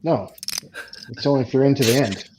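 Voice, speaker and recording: A man's voice: mid-range voice, a little fast, background noise. A man playing online poker, chatting casually with short, dry remarks. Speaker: poker player.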